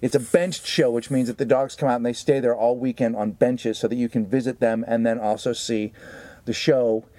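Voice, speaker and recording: A man's voice: mid-range voice, steady tone, normal speed, dark tone, no echo. A man co-hosting a comedy podcast, telling stories in casual, profane banter with plenty of fillers. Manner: profane, rambling, lots of fillers. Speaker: podcast co-host.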